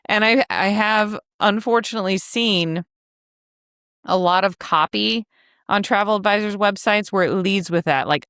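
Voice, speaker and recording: A woman's voice: mid-range voice, moderate pace, fairly bright tone, no echo, clean studio sound. A woman hosting a casual teaching podcast for travel advisors, talking in a chatty, frank way with joking asides. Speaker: podcast host, travel agency coach.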